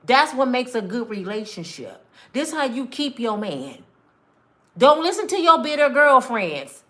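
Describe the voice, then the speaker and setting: A woman's voice: on the high side, sing-song, a little slow, pushed and bright. A woman, giving an emphatic, conversational talk about relationships as a mentor. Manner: emphatic, conversational street-preacher delivery with acted quotes. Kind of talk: preachy monologue to camera.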